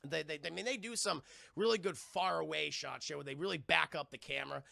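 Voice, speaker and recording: A man live-streaming a film recap in casual, profane talk, excitedly retelling scenes and constantly addressing his chat. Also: a little high, a little fast, gravelly, dry recording, clean studio sound.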